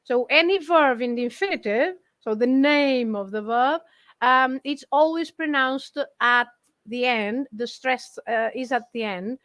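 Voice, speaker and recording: A Portuguese woman with a high voice talks through language rules patiently and at an easy pace. She laughs often between points. The sound is close and dry. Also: a little slow, a bit bright, no echo. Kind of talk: casual explaining on a live show.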